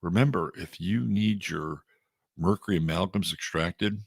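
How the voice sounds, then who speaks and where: A middle-aged Texan hosting an astrology livestream reads off items and greets his viewers one by one by name, in a low voice with a creaky, breathy edge. His chatty, easygoing talk is recorded dry and close with no room echo, and the stream feels loose and unhurried.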